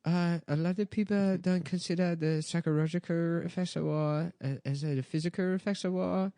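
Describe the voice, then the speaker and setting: A man's voice: on the high side, fairly even intonation, warm tone, no room sound, pitched above the performer's own voice, lightly acted. A man putting on the voice of a hesitant young female student reading her essay aloud. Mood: earnest. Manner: halting, hesitant.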